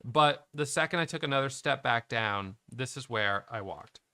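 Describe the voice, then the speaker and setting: Middle-aged male trading educator, gravelly bright voice, candid and self-questioning, dry close sound. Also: medium pitch, animated, normal speed, no echo. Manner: candid, self-questioning, thinking aloud with restarts. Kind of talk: reflective trading recap to camera.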